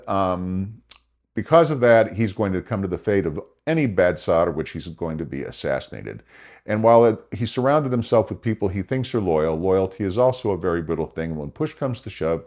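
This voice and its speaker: A man's voice: lowish voice, darkish tone. An older American man hosting his own small podcast, talking in a chatty, wry monologue and correcting himself as he goes. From United States. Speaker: podcast host. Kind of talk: casual commentary monologue. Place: home setting in Phoenix.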